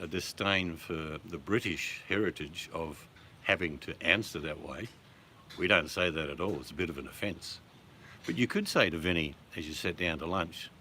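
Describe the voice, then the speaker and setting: An Australian man chatting casually with viewers as host, relaxed and chatty, swearing freely. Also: sits low, slight background noise.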